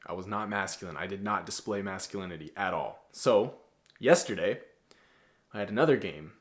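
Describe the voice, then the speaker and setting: A man's voice: low-pitched, normal speed. A man in his twenties giving a blunt, preachy, slangy motivational talk as a masculinity coach. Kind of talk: casual motivational monologue.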